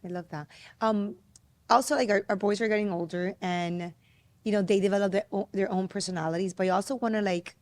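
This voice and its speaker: A woman hosting a podcast shares a story from home in a relaxed, chatty way. Her pitch sits in the middle, and the sound is dry and close with no room echo. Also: brisk. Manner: storytelling, animated when quoting her son. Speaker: podcast host. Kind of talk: casual podcast conversation.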